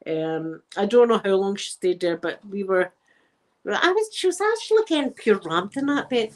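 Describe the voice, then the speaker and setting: A woman's voice: medium pitch, sing-song, normal speed, darkish tone. A middle-aged woman from Glasgow with a Glaswegian Scottish accent, chatting casually and rambling as she tells stories, often laughing. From Scotland. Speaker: channel host. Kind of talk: casual chat.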